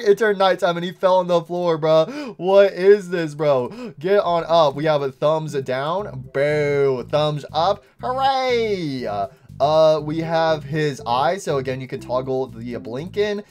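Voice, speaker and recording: A young man giving excitable, casual commentary on a game and saying "bro" a lot. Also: a little high, slow pace. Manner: excitable, says "bro" often. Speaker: gaming YouTuber.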